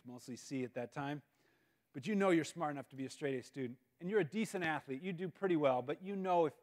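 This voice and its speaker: Animated man telling a story at a school. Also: fairly high pitch. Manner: animated storyteller, acts out quoted lines, drops to near-mutters for asides. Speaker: guest speaker. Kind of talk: storytelling speech. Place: school event space.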